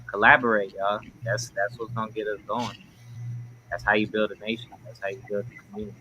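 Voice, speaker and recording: A man with telling a story as a guest on a casual livestream, animated and slangy. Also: lowish voice, a little fast, muffled recording, a little hiss or hum.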